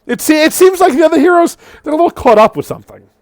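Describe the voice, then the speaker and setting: A man narrating a tabletop game as game master, playful and animated. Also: very high-pitched, fast, no echo.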